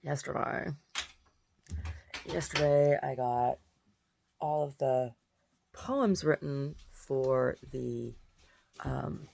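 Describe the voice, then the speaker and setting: A woman, a painter and poet, chatting casually and at length, rambling softly with many restarts. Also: a bass voice, drawn-out words, vocal fry, long pauses, dry recording. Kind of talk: casual monologue.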